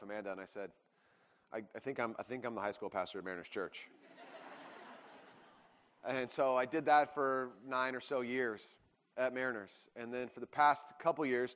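A man in his thirties, a pastor telling his own story to a congregation, rambling with restarts and acting out quotes. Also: medium pitch. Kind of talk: personal testimony to a congregation. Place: church sanctuary. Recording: long hall reverb.

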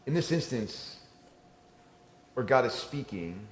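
A man preaching a sermon to a church crowd, talking like a conversation and moving between hushed and emphatic passages. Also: medium pitch, expressive, takes it slowly. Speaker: pastor. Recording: roomy church echo.

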